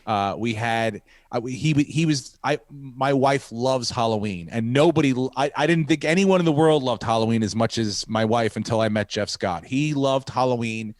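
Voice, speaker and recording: A man's voice: medium pitch, moderate pace, few pauses, no echo. A man hosting a podcast who rambles through a profane story and acts out the quotes. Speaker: podcast host, comedian. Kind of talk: casual storytelling.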